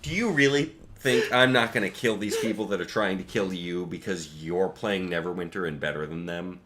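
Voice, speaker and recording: Deadpan low-voiced male co-host. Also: moderate pace, a little hiss or hum. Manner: deadpan joking asides. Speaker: podcast co-host. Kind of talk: casual chat.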